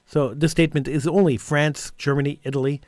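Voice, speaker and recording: A man's voice: on the high side, fairly even intonation, a little fast, darkish tone, no room sound, clean studio sound. A man hosting a call-in talk radio show, delivering an impassioned, indignant monologue and repeating phrases for emphasis.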